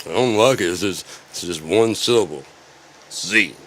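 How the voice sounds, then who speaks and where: A man's voice: sits low, fairly quick, slight background noise. A man ranting in a sarcastic, rambling and profane way, as an online commentator.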